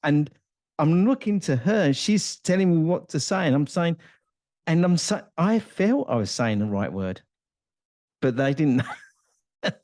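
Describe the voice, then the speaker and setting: A man's voice: on the high side, very animated, unhurried, pauses often, darkish tone, no echo, clean studio sound. A man hosting a podcast interview, chatting casually and telling personal anecdotes. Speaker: podcast host.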